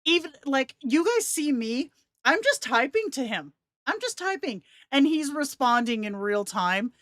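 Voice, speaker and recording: A woman's voice: sits high, big pitch swings, measured pace, a bit bright, no echo, clean studio sound. A woman hosting a casual live stream, giggly and enthusiastic as she talks to her viewers.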